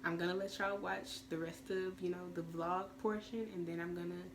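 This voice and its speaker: A woman's voice: lowish voice, steady tone, normal speed. A teenage woman telling a storytime vlog in a chatty, rambling way, full of fillers. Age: teens. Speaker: vlogger. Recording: clear background noise.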